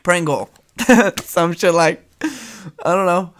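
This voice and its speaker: A man's voice: high voice, slow, a bit bright. Nasal young man, rambling podcast host. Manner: rambling, joking, laughs often. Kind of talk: casual solo podcast chat.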